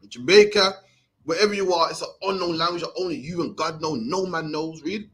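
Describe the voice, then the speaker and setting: A man's voice: on the high side, fairly quick. A young man with a Birmingham accent teaching a scripture class in a streetwise, conversational way, often ending phrases with "man". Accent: Birmingham English.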